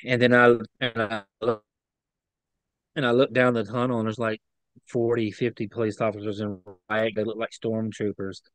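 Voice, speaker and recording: A man being interviewed as a guest, recounting what he saw in an earnest, halting, emotional way. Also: fairly low pitch, flat delivery, dry recording. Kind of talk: personal recollection in an interview.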